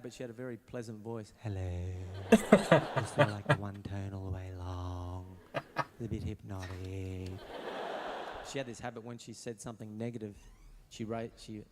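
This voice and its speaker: A man's voice: lowish voice, steady tone, moderate pace, big-room sound, crowd noise. Australian man telling crude stand-up stories. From Queensland, Australia. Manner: crude storytelling, mimicking his parents' voices. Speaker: stand-up comedian. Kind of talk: stand-up comedy routine.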